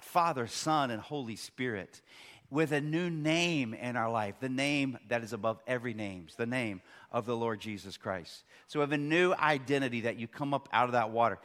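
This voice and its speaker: A pastor in his thirties preaching a sermon, swinging between loud, emphatic peaks and quiet, hushed stretches. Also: mid-range voice. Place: large church hall. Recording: long church hall reverb.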